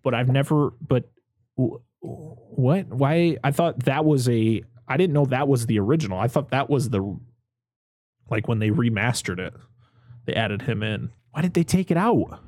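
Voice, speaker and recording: A man's voice: mid-range voice, expressive, normal speed, a little mellow, no room sound, studio quality. A man co-hosting a casual movie podcast, chatty and given to exasperated rants. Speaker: podcast co-host.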